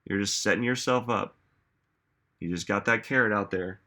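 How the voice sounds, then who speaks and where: Musing aloud, this motivational speaker fills his reflective talk with rhetorical questions for the audience. His lowish voice moves at a moderate pace and sounds pushed and bright.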